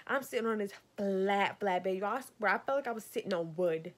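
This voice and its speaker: A woman's voice: medium pitch, a little fast. A young woman rants through a storytime for her vlog. She keeps calling her viewers y'all and sounds exasperated as she tells it. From Savannah, Georgia. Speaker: vlogger. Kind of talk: storytime rant.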